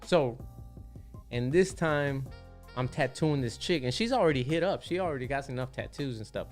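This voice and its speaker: Casual tattoo artist guest, man, laid-back street talk, middle pitch, faint music under him. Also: lively intonation, moderate pace. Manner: laid-back, streetwise, peppered with "you know what I'm saying". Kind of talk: casual podcast storytelling.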